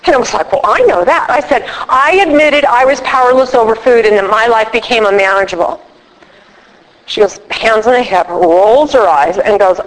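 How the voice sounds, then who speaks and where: A middle-aged woman giving a recovery workshop talk, an animated storyteller who acts out both sides of her conversations. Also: fairly high pitch, fairly quick. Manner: animated storyteller acting out dialogue. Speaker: workshop speaker. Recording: reverberant hall.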